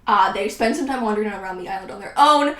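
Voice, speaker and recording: A woman's voice: mid-range voice, fast, fairly bright tone. A woman in her twenties talking casually and with sarcastic self-mockery as she looks back on her own writing. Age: 20s. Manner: sarcastic, self-mocking, laughs at herself. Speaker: writing vlogger. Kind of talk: casual reaction vlog. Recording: roomy echo.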